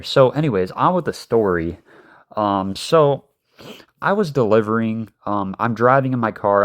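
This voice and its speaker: A man telling a casual storytime tale, rambling with many fillers and swearing. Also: lowish voice.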